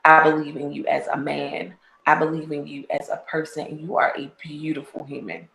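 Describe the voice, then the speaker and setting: A woman's voice: low-pitched, steady tone, brisk, creaky, fairly bright tone, roomy sound. A woman co-host giving an affectionate farewell speech, laughing between lines. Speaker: talk show co-host.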